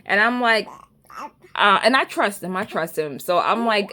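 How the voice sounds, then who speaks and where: A woman with a New York accent chats casually to the camera. Her speech is loose and slangy, full of asides and jokes, at a mid-range pitch. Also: lively intonation, normal speed, sharp tone. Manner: rambling, conversational, slangy and joking. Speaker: vlogger. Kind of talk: casual storytelling chat.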